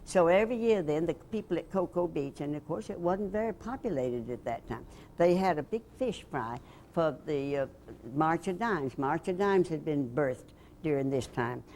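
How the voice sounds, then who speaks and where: An older woman from Alabama, telling lively stories about her past as a radio host and reporter in an interview. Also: low voice, normal speed, slight background noise. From Alabama, USA. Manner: lively storyteller who acts out the voices in her anecdotes. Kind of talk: storytelling reminiscence.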